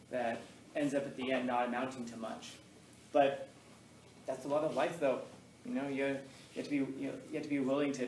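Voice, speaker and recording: A man's voice: medium pitch, slight background noise. A man teaching a class, telling rambling, self-deprecating stories and laughing often. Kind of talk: classroom talk to students. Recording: echoey room, mic far off.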